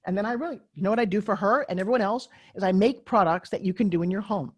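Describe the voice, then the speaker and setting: A middle-aged woman appears as a guest on a podcast interview, pressing her points with emphatic, energetic drive like a motivational speaker. Her medium-pitched voice moves at a quick pace and has a breathy edge.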